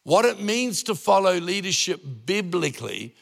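Gravelly pastor preaching. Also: male voice, sits high, big pitch swings, normal speed, a bit bright, long reverb tail. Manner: conversational preaching with jokes and acted-out anecdotes. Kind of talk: sermon.

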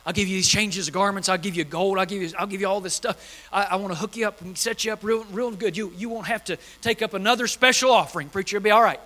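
A man's voice: sits high, fast talker, pushed and bright, long reverb tail, pitched above the performer's own voice. A man voicing a grateful, wealthy foreign general who stammers out eager offers of gifts.

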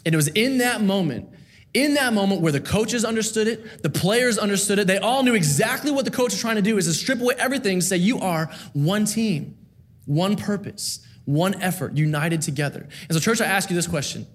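High-voiced earnest male preacher. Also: expressive, fast talker. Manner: earnest, rhythmic repetition with rising emphasis. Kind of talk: sermon.

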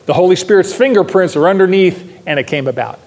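Older male pastor, sermon, emphatic and repetitive, high voice with long room reverb. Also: animated, fast talker, darkish tone. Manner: emphatic, repeats key phrases, asks the class questions. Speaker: pastor teaching a Bible class.

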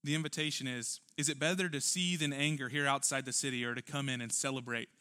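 A man's voice: mid-range voice, fairly even intonation, fast, bright, forceful tone, smooth. A man preaching a church sermon, earnest and emphatic, full of rhetorical questions. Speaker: pastor.

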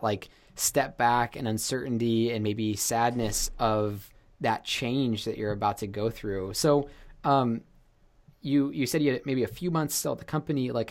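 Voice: medium pitch, a little mellow. A podcast host in a casual interview, affirming the guest and asking long, rambling questions.

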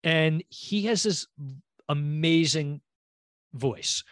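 A middle-aged man co-hosting a podcast in casual chat, telling stories in a rambling, animated way and acting out quotes. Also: a little high, extremely slow, no room sound. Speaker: podcast co-host.

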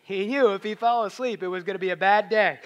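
High-voiced man preaching a sermon. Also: fairly quick, lo-fi sound. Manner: conversational with emphatic rises.

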